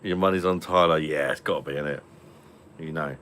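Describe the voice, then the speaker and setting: A man's voice: rumbling low, a little fast, fairly bright tone, a little hiss or hum. A man hosting a casual online pub stream from home, telling rambling stories, swearing freely and laughing often. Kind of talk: casual chat over beers.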